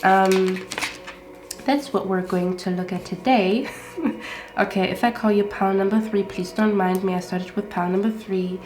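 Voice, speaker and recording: A woman's voice: medium pitch, roomy sound. A woman with a congested, stuffy voice from a cold, giving a chatty pick-a-card tarot reading with many fillers. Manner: chatty, with frequent fillers and soft asides.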